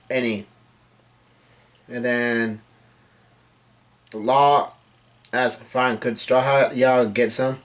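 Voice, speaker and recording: Male reader, mid pitch, casual comic read-through with frequent self-corrections. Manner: reads quoted lines in his own voice, often correcting himself. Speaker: manga reader.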